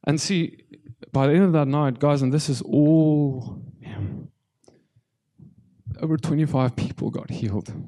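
Soft-toned man preaching a halting testimony. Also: a little high. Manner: halting, repeats words, addresses congregation. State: tearful. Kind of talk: testimony sermon.

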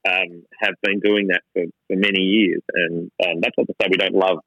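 In a gin distillery lab, a middle-aged Australian gin company co-founder gives a casual, irreverent interview, mocking himself and often restarting. His low voice has little pitch movement, vocal fry and a sharp tone at a moderate pace. The rough recording has no room sound.

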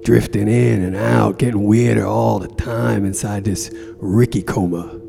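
A man's voice: fairly low pitch, steady tone, a little slow, vocal fry, music in the background. A man playing a profane, melodramatic mobster-type in a coma who broods and snarls in an improvised comedy bit. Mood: brooding. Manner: brooding, foul-mouthed, melodramatic.

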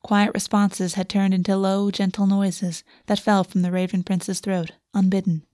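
A woman reading a fantasy romance aloud as narrator, in a soft, steady storytelling voice on a close microphone. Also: mid-range voice, normal speed, no echo. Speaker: audiobook narrator. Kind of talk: scripted narration.

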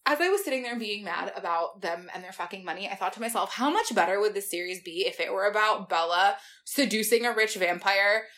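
A woman's voice: medium pitch, expressive, a little fast, few pauses, a bit bright. A woman co-hosting a casual book podcast, recapping chapters with sarcastic asides and frequent swearing. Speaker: podcast co-host. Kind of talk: casual book-discussion chat.

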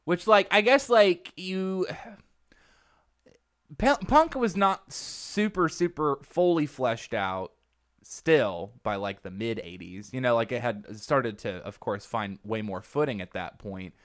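A man's voice: mid-range voice, lively intonation, slow, a bit bright. A man co-hosting a music podcast in casual chat, musing at length with many fillers and restarts. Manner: rambling, filler-heavy musing. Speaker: podcast co-host.

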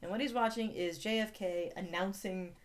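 A woman co-hosts a podcast, talking casually through a TV episode recap. Her voice sits at an ordinary middle pitch. She rambles and restarts, leaning on fillers as she goes. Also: moderate pace. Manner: chatty, many fillers and restarts, reads summaries aloud. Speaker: podcast co-host.

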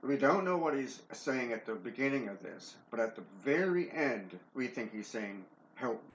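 A man's voice: medium pitch, big pitch swings, normal speed. A man co-hosting a paranormal investigation show, plainly agreeing and talking through recordings. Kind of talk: casual commentary on recordings. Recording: echoey, muffled lo-fi recording with faint hiss.

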